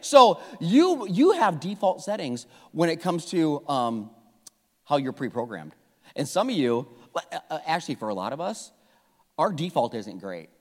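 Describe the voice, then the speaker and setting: A middle-aged man preaching a sermon to a church, energetic and conversational, repeating phrases as he goes. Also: a little high, a little slow. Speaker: pastor. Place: church sanctuary. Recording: hall reverb.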